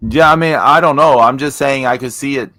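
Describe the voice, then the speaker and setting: A man's voice: medium pitch, fairly quick, bright, forceful tone, no echo. A man co-hosting a casual chat, thinking aloud hesitantly and full of fillers.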